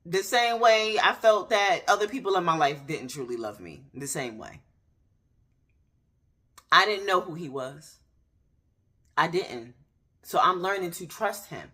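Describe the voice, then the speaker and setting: A woman in her thirties giving a candid personal faith testimony, talking straight to her viewers with pauses and restarts. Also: lowish voice, lively intonation, sharp tone. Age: 30s. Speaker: faith vlogger. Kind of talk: personal faith testimony, casual talk to camera.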